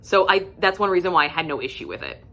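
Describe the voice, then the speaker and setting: A woman casually reviewing books for her vlog, candid and chatty, swearing freely and filling pauses with ums. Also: fairly low pitch, animated, fairly bright tone. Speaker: book reviewer.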